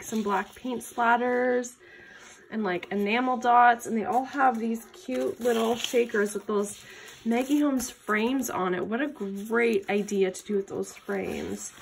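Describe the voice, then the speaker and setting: A woman's voice: a little high, vocal fry, slight background noise. Gushing woman unboxing happy mail. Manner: gushing, excited exclamations. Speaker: craft channel host. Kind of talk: unboxing vlog.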